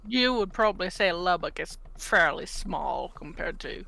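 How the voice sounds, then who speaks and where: A woman from Norway, a guest artist answering interview questions in a modest, unhurried way, thinking aloud as she goes. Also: fairly low pitch, animated, vocal fry, sharp tone.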